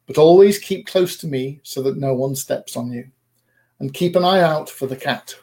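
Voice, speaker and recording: A man's voice: medium pitch, moderate pace, warm tone, natural voice. A man voicing a fussy, proud mother duck who scolds, bosses and protects her brood in a storybook reading. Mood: bossy.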